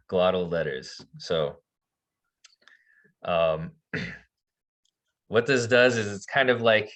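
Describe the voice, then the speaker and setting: A man teaching a language class, relaxed, slowly demonstrating sounds with soft laughs. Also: fairly low pitch. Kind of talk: online language lesson.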